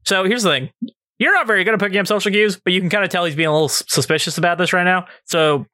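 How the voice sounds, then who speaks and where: A man's voice: sits high, racing, sharp tone, dry recording, clean studio sound. Laughing, casual male game master. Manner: casual, laughs often, swears. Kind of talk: narrating a tabletop game.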